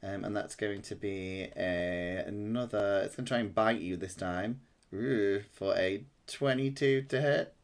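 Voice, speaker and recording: A man's voice: fairly low pitch, a little slow. Easygoing man running a tabletop game. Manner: relaxed, explains rules with many fillers. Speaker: game master.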